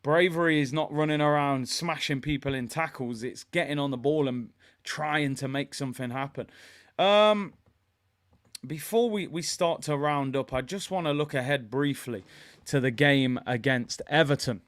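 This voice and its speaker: A man hosting a fan channel, giving opinionated, animated football commentary and reading out viewer comments. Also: a little high, moderate pace. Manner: animated, opinionated, reads chat comments aloud.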